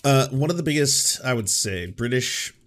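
A man's voice: medium pitch, animated, normal speed, a bit bright, soft background music. A man hosting a show, talking in casual, sarcastic and profane commentary and acting out quotes in mocking voices. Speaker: show host.

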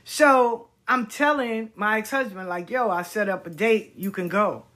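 A middle-aged woman vlogger speaks bluntly in a candid personal commentary monologue, swearing and repeating words for emphasis. Her mid-range voice moves a little slowly and has a fairly bright tone.

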